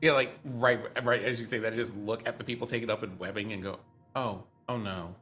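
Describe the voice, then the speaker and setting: A man's voice: on the low side, steady tone, fast talker, fairly bright tone, soft background music. A man playing a tabletop game, chatty and often laughing as he talks. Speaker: player.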